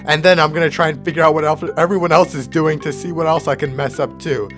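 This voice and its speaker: A man voicing a mischievous, cruel teenage boy who taunts and brags loudly in a story game. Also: on the high side, steady tone, fast talker, music in the background, natural voice. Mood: smug taunting. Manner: smug, taunting, loud.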